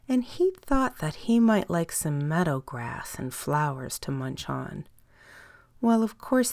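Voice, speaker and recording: A woman telling a bedtime story in a soft, lilting way, slowing down and dropping to a whisper on some words. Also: lowish voice, creaky, dry recording, studio quality.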